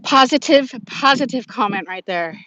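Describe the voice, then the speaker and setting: A woman in her fifties, a vlogger, walks outdoors to her car while live-streaming casually from her phone, reading viewer comments aloud and laughing often. Her voice sits on the high side, a bit bright, at a normal speed, and the audio sounds dull.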